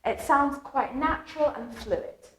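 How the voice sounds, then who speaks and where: A British woman with a fairly high voice gives a lively English lesson, leaning hard on the stressed words so her speech rises and falls melodically. Her voice is recorded in an echoey room. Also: measured pace. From Britain. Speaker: English teacher.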